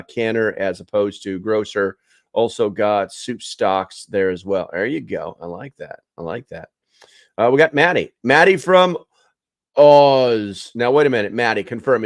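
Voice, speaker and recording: Man, casual livestream host, low voice, dry close sound, chatty with lots of ums. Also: dry recording. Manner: chatty, many fillers, calls viewers bro and dude. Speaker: livestream host reading chat.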